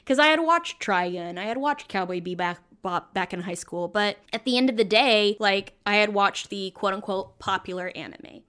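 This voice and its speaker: A woman's voice: medium pitch, normal speed, hardly any pauses, fairly bright tone, smooth. A young adult woman chatting enthusiastically as a podcast guest, drifting from one tangent to the next. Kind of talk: casual chat.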